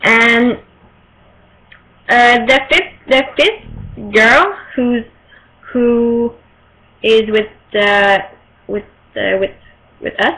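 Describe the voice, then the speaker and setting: A young woman from Quebec whose first language is French speaks in a bright, fairly high voice. She rambles excitedly through a casual vlog story and keeps pausing to search for her words. The home recording is poor in quality. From Quebec, Canada.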